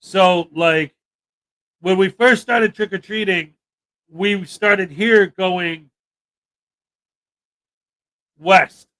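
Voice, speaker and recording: A young man hosts a relaxed livestream chat. He tells his stories in an animated way and slips into the voices of the people he quotes. His voice is high and bright. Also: slow pace. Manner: animated storytelling, acts out quotes. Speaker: livestream host. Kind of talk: casual chat.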